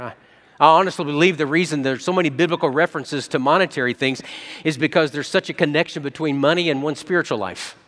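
A male pastor delivers a sermon in a slightly high voice that rings out with a long hall reverb. He moves from quiet, low asides to animated, higher-pitched quoted voices as he tells stories. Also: quick pace.

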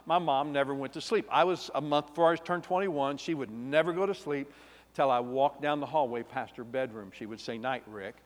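A man, a pastor giving an emotional personal testimony, swinging between loud and hushed. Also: mid-range voice, fairly quick. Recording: long reverb of a large hall.

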